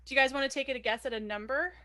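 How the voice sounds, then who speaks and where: A woman's voice: sits high, very fast, pushed and bright. A young woman co-hosting a film podcast, making wry remarks and reading out trivia with plenty of ums. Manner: wry, reads trivia aloud with fillers. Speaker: podcast co-host.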